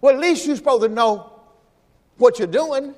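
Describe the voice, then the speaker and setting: A man's voice: very high-pitched, normal speed, darkish tone. A man preaching a sermon in a folksy style, repeating phrases and calling on the congregation to answer. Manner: preaching with call-and-response to the congregation. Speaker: pastor. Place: church sanctuary during a service. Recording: long church reverb.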